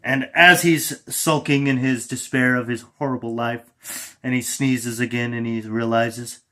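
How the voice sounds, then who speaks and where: A man improvising a comic story in a playful way, laughing and switching quickly between character voices. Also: medium pitch, fairly even intonation, pushed and bright.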